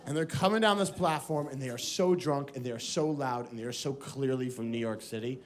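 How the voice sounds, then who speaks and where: An American man telling a story in a stand-up set on a comedy stage, acting out voices with lively energy. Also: medium pitch, brisk, heavy background noise. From United States. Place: comedy stage before a live audience.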